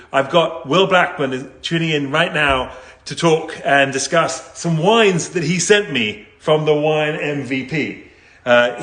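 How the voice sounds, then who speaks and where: An English man hosts a live video call with a high, bright voice. He chats casually, teases his guest and laughs easily, with a sharp ring to his tone. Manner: playful, teasing, laughs often. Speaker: host. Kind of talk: casual live-stream chat.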